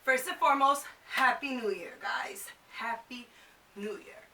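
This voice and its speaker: A woman's voice: fairly high pitch, a little slow, distant mic, heavy background noise. A woman in her twenties chatting to camera as a vlogger, casual and full of "like". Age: 20s. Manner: chatty, fills with "like". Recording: echoey room, a bit off mic.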